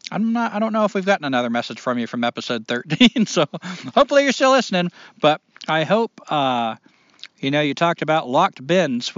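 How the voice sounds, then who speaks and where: A man's voice: on the high side, a bit bright, no echo, muffled recording. Rambling, earnest male podcast host. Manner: rambling, earnest, with frequent fillers. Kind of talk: casual podcast chat.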